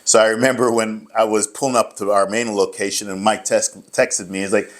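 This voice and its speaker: A middle-aged man with a low voice tells his story as a guest in a relaxed interview. He rambles, laughs easily and slips into little acted-out lines of dialogue. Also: fairly quick. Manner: rambling, laughs often, acts out quoted dialogue. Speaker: rehab clinic director, guest.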